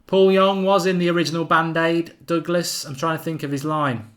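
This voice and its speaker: A man's voice: a little high, flat delivery, moderate pace. Chatty man hosting a watchalong. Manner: chatty, reads out viewer comments. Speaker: watchalong host. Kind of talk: casual live-stream commentary.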